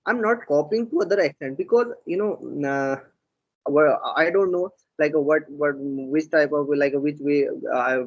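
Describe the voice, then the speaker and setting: A man with an Indian accent, an English learner in conversation practice, talking haltingly in broken English full of fillers. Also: fairly high pitch, highs cut off.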